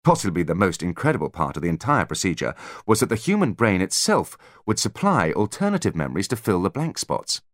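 Very deep-voiced male audiobook narrator. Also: huge pitch swings, fairly quick, few pauses, dry recording, clean studio sound. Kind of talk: scripted narration.

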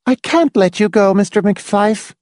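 A woman's voice: mid-range voice, unhurried, no room sound, lightly acted. A woman voicing a dry, dispassionate schoolteacher type. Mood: calm. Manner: dry, dispassionate, calmly insistent. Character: prim, controlling female schoolteacher type. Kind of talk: audiobook dialogue reading.

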